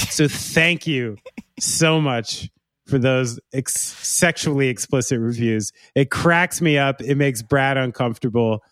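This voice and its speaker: A man's voice: medium pitch, fairly bright tone, no echo, studio quality. A man hosting a podcast, chatting casually in a playful, teasing way. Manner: playful, teasing, mock-sultry. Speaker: podcast host. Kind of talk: casual chat.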